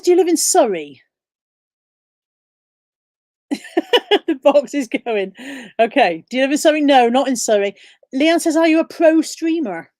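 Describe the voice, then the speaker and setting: A woman's voice: sits high, a little mellow, no echo, clean studio sound. Chatty woman reading viewer questions. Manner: reads viewer questions aloud and answers them. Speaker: live stream host. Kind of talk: casual live-stream chat.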